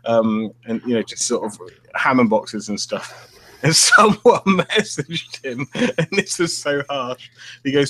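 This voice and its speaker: A man's voice: mid-range voice, very animated, unhurried, sharp tone, a little hiss or hum. A British man co-hosting a casual podcast, telling crude stories and laughing along as he goes. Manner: giggly, crude storytelling. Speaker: podcast co-host. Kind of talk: casual banter, anecdotes.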